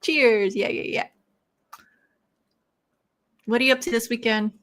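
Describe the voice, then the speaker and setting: Young woman streamer, easygoing host, slow relaxed delivery, chatty and giggly. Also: on the high side. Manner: chatty, lots of "like" and laughter. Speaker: host of a fight watch-along stream. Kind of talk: casual chat with live viewers.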